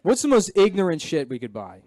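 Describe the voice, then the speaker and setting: A man's voice: high voice, wildly swooping pitch, fairly quick, a little mellow, no room sound. A male stand-up comedian riffing in dry, sardonic on-stage banter.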